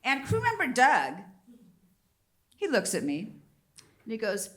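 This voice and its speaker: A woman's voice: on the high side, wildly swooping pitch, a little slow, a bit bright. A woman in her fifties doing a stand-up comedy set on a theater stage, brassy and bawdy as she teases the crowd. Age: 50s.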